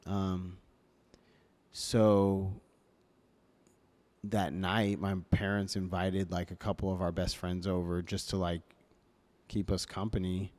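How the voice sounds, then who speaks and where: A man's voice: low voice, level tone, takes it slowly, long pauses, darkish tone. A young man as a podcast guest, telling a personal story hesitantly, with many fillers and restarts. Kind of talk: casual storytelling interview. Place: podcast studio. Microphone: podcast microphone.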